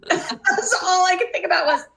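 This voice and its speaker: Woman teacher in her 40s, high, bright and forceful voice, animated storyteller on a video call. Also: unhurried, creaky. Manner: animated storytelling, acts out her own reactions. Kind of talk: casual chat.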